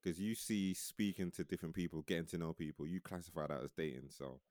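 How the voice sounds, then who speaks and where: A man's voice: deep voice, fast talker, darkish tone. A man co-hosting a casual debate, arguing his point and calling people "bro". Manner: argumentative, calls others "bro".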